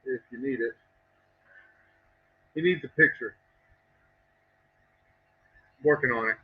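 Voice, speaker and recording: A man's voice: mid-range voice, takes it slowly, slightly rough, narrow, tinny audio. A man chatting casually on a live stream while he works in his distillery shop, rambling, wry and self-mocking, swearing freely. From Texas.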